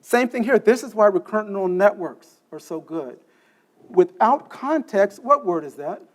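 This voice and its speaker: High-voiced man giving a tech lecture. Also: expressive, normal speed. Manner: explains step by step, often checks in with "okay?"; quizzes the audience. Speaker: conference speaker. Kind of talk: technical lecture. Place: conference session room.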